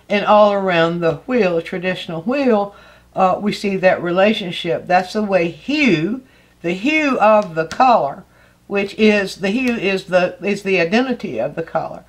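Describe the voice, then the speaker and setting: An older woman teaches art in a patient, explanatory way. Her voice sits at a middle pitch, and she often restarts a phrase before finishing it. She keeps pointing out details as she goes. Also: a little slow. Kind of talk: art lesson explaining a painting.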